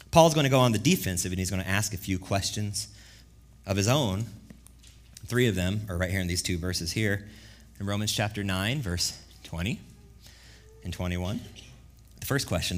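A man preaching a sermon as pastor, casual and slangy, moving from quiet reflection to loud, emphatic bursts. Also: fairly low pitch, lively intonation, normal speed, pauses often.

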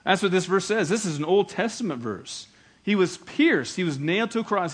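A male pastor preaches a sermon with dramatic emphasis, leaning into repeated phrases. His voice sits a little higher than most men's. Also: animated, moderate pace, husky.

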